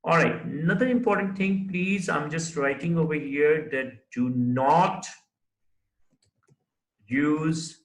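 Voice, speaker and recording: A man's voice: on the high side, slow pace, echoey room, low-quality recording. A man teaching a lesson on formal letter writing, explaining step by step, with many fillers and frequent checks of "right?". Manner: writes on the board while talking. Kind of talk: recorded classroom lecture.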